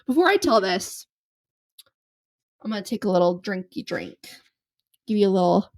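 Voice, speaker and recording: A woman's voice: mid-range voice, big pitch swings, normal speed, pauses often. A young adult woman hosting a casual solo podcast, chatty and self-deprecating, rambling through stories with restarts, her voice a little worn from talking. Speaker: podcast host. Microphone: close podcast mic on camera.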